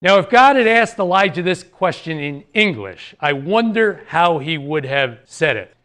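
A man's voice: fairly high pitch, lively intonation, a little slow, sharp tone. A man giving an earnest Bible teaching talk, explaining a passage verse by verse with rhetorical questions.

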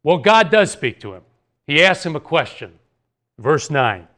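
A male Bible teacher speaks in an earnest, explanatory way and often poses rhetorical questions to his listeners. His voice sits a little on the high side for a man. He talks a passage through verse by verse. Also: animated, normal speed, pushed and bright.

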